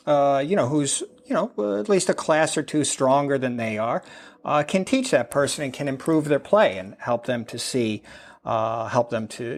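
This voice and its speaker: A middle-aged American man talking casually as a podcast guest, rambling with many fillers and frequent laughs. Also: mid-range voice. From United States. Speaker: podcast guest, amateur chess player. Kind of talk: casual interview talk.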